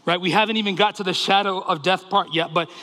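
Man, pastor, impassioned sermon, high bright voice, long hall reverb. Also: fairly even intonation. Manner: impassioned, asks rapid rhetorical questions.

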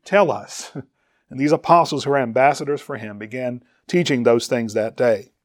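At a normal speed and in a mid-range voice, a man preaches, reading scripture aloud and explaining the Greek words it uses. His emphasis lifts when he asks questions, and the recording is dry, clean studio sound.

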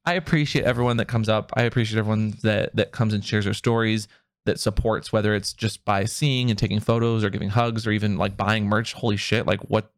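A man co-hosting a podcast in casual chat, excitable and animated, laughing often. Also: on the low side, fairly quick, dry recording, studio quality. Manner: bangs on the table while talking. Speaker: podcast co-host.

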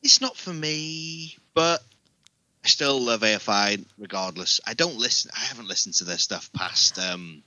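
A man co-hosting a podcast, chatting casually and mostly giving short, relaxed replies. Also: medium pitch, moderate pace, dry recording, poor audio. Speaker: podcast co-host. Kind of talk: casual chat.

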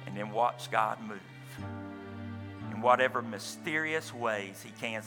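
Bright-voiced male pastor in an echoing hall. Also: lowish voice, unhurried, gravelly, faint music behind. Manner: storytelling, retelling another man's account with quoted dialogue. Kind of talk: sermon.

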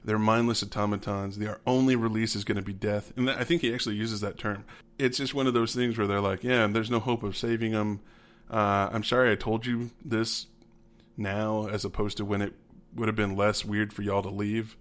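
Male podcast co-host, low voice, loose rambling movie-recap delivery. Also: little pitch movement, brisk, a bit bright. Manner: rambling, many restarts and fillers, laughs often. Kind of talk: casual movie recap chat.

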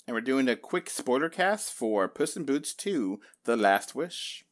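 A man hosting a casual spoiler chat about a film, rambling with lots of fillers and lively quoted reactions. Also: mid-range voice, measured pace. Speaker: podcast host.

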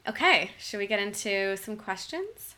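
A woman's voice: medium pitch, big pitch swings, a little slow, pushed and bright, slight background noise. A woman co-hosting a nutrition podcast in casual chat, reading listener questions aloud, laughing easily and dropping "like" and "you know" often. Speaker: podcast co-host.

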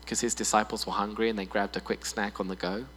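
A man preaching a sermon in a church hall, animated and playful, often putting on voices for humor. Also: lowish voice, fast talker. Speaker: pastor. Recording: long reverb in a hall with mains hum.

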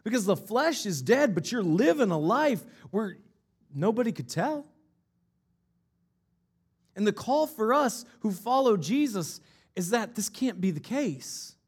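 Male pastor, higher-pitched voice, emphatic sermon delivery with rhetorical questions. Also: big pitch swings, measured pace, long pauses, husky. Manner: emphatic, rhetorical questions, repeats key lines.

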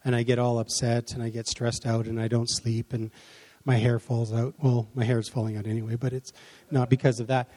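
A man preaches a sermon at a medium pitch, a little fast, with a level, dark tone. He tells a story in a rambling, self-correcting way, acting out the voices of its characters, and the recording carries the long reverb of a large hall.

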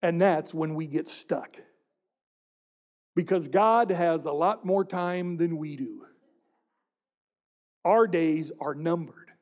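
Guy preaching a sermon in church, pretty high voice, chatty, keeps asking the room questions. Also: takes it slowly, pauses often, darkish tone. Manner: conversational preaching with rhetorical questions to the congregation. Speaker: pastor.

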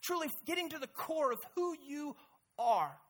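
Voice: sits high, sing-song, moderate pace. Emphatic preacher with rhetorical questions. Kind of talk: sermon.

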